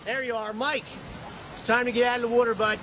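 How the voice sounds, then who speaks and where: A man's voice: very high-pitched, flat delivery, quick pace, bright, forceful tone, faint music behind. A man playing a Philadelphia-accented dad who nags his son to get out of the water, in a whiny, repetitive way. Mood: coaxing. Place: outdoors by water. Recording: outdoor clip with traffic noise.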